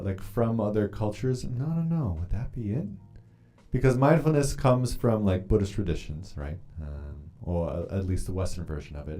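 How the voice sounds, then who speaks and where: A man's voice: lowish voice, dark tone. A man hosting a casual livestream, chatting in a rambling way, greeting viewers and reading their comments aloud. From Canada. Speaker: livestream host.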